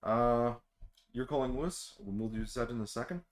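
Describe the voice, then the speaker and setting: A man's voice: medium pitch, normal speed. A man running a tabletop role-playing game as game master, narrating and voicing characters on phone calls.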